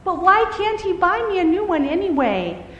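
A woman voicing an upset little girl who whines and pleads in a high, wailing voice. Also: sing-song, moderate pace, fairly bright tone, lo-fi sound, a little hiss or hum, exaggerated voice. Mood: pouting. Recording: echoey hall with faint ambience.

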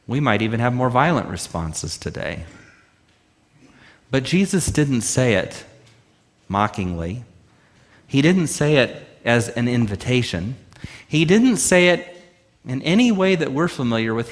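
A man preaching a sermon as pastor, emphatic, full of rhetorical questions and slow, drawn-out phrases. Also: medium pitch.

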